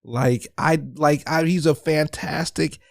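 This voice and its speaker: A man's voice: fairly high pitch, steady tone, slow, gravelly, dry recording, studio quality. A man co-hosting a casual film podcast, blunt and profane, often restarting his sentences. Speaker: podcast co-host. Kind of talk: casual film review chat.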